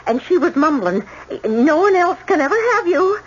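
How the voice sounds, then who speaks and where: A woman's voice: sits high, sing-song, moderate pace, slight background noise. An actress playing a nervous young woman witness who stammers and hesitates through her testimony in a 1970s radio drama. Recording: dull old radio broadcast.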